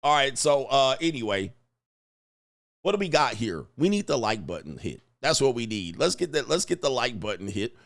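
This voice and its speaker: A middle-aged man running a casual livestream reads chat aloud while telling a lively, slang-heavy story punctuated by laughter. He speaks in a mid-range voice at a moderate pace.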